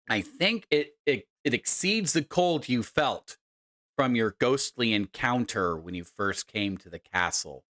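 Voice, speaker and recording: A man narrating a tabletop role-playing game as game master, in a deliberate, halting way. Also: mid-range voice, animated, fairly bright tone, dry recording, studio quality.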